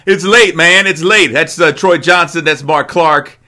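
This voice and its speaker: A man hosting a casual TV recap chat, laid-back and halting, with lots of fillers. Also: a little high, bright, forceful tone. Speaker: podcast host.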